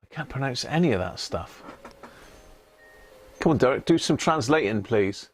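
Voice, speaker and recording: A livestream host with a medium-pitched voice and lively intonation talks at normal speed in casual live chat. He addresses viewers by name and trips over words he doesn't know.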